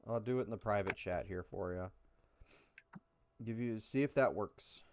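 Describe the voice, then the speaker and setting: A man hosting a stream, chatting casually in a rambling, self-correcting way and joking about his low viewer count. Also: normal speed, slight background noise. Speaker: stream host. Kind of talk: casual chat.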